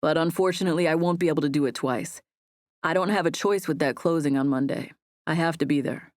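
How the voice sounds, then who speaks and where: Woman voicing a tender young man, low and dry. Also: quick pace, no room sound, close to an everyday voice.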